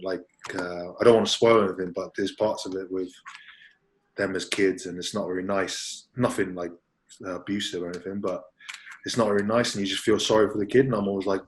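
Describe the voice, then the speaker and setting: A man from Wales chatting as a podcast guest, soft-spoken and laid-back, halting with lots of fillers. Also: lowish voice, a little hiss or hum, low-quality recording. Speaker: guest, rugby player. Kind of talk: casual podcast chat.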